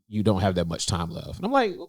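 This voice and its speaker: Low-voiced man telling a story haltingly. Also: wildly swooping pitch. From North Carolina, USA. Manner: halting, many fillers and restarts, voice lifts when quoting himself. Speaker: podcast co-host sharing a personal story. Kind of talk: casual heartfelt conversation. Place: indoors in a cafe.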